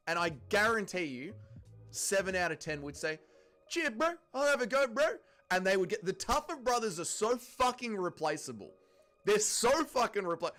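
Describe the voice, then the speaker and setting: Lively, sweary Australian streamer. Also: male voice, a little high. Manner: animated, sweary, reads chat aloud. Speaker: livestream host. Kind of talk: casual watch-along commentary.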